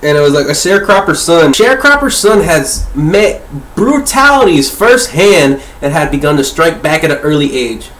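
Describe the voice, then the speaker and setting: A man's voice: on the high side, sing-song, normal speed, hardly any pauses, fairly bright tone. A man hosting a casual book discussion, rambling and swearing freely as he corrects himself mid-thought. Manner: profane, rambling, self-correcting. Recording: echoey room.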